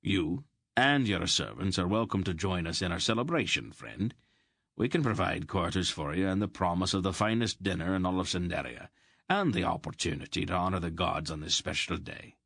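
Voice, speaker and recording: A man's voice: low voice, moderate pace, gravelly, a bit bright, husky, no room sound, studio quality, heavily acted. A man voicing a stubborn, pious farmer who speaks with formal, old-fashioned courtesy in an audiobook. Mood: firm.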